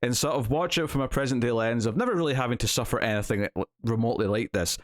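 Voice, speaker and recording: He's a Scottish man co-hosting an informal TV review chat, a fast talker with a mid-range voice who animatedly acts out quotes in put-on voices. There's no room sound, just clean studio audio.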